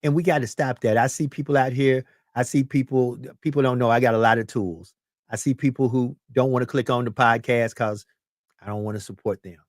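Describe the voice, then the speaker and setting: A man in his fifties hosting a podcast chat, middle-pitched and emphatic. He preaches his points and often repeats words. The sound is dry, with no room echo. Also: fairly even intonation, a little fast. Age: 50s. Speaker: podcast host. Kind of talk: casual chat.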